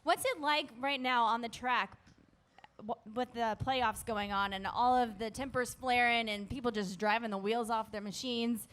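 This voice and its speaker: A woman co-hosting a live racing show, asking quick, upbeat questions. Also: a little high, fairly even intonation, fairly bright tone. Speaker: co-host.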